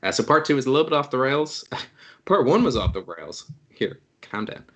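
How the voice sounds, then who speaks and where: A man's voice: medium pitch, big pitch swings, moderate pace, a bit bright, a little hiss or hum. Rambling joking game master man. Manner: rambling, joking, stumbling over words. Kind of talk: casual tabletop game narration.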